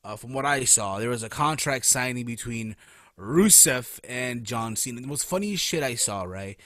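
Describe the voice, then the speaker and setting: A man hosting a casual wrestling podcast, animated and profane, who keeps tossing in "right?" between points. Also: medium pitch, normal speed, no echo, clean studio sound. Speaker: podcast host.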